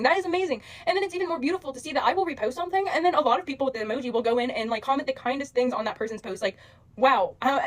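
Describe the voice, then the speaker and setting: A young woman speaks straight to camera for her followers, her voice a little high and her words tumbling out quickly. She rambles earnestly and emotionally through a stream of fillers. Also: rough recording. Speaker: social media creator. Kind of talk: direct-to-camera address to followers.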